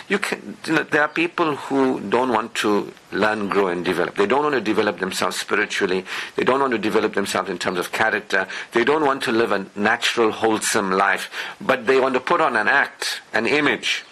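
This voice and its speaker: A man's voice: on the low side, a little fast, pushed and bright, rough recording. A man giving a Friday sermon lecture, talking openly about his own past and repeating phrases for emphasis with frequent asides to listeners. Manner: emphatic, repetitive lists, conversational asides. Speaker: preacher.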